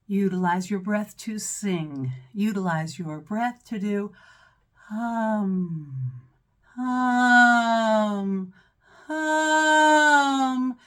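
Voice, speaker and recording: A woman's voice: lowish voice, a little mellow. A woman voice teacher with a mezzo-soprano voice talks students through breathing exercises. She is encouraging and checks in often with "right?" and "okay?". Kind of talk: instructional breathing lesson.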